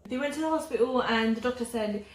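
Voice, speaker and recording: A young woman with a cold, co-hosting a casual drama review and excitedly retelling scenes. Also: on the high side, fast talker, reverberant, a little hiss or hum. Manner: excited retelling of scenes, emotional, laughs often. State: has a cold. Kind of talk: casual chat.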